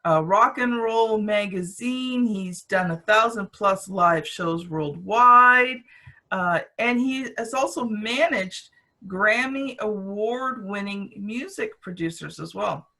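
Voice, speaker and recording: A woman's voice: medium pitch, slow pace, sharp tone. A woman with a Canadian accent hosting a podcast, introducing her guest with enthusiasm. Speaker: podcast host.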